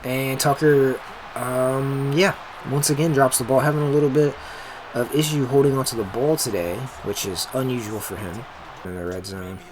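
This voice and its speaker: A man giving casual, excitable commentary over his own football video game, talking to the players on screen and swearing when a play goes wrong. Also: medium pitch, moderate pace. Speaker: gaming commentator. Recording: music playing behind.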